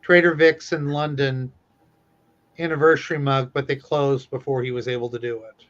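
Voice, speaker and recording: Halting male guest on muffled audio. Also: medium pitch, fairly even intonation, fairly bright tone. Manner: halting, lots of uh, dry quips. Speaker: guest collector. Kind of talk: casual remote interview chat.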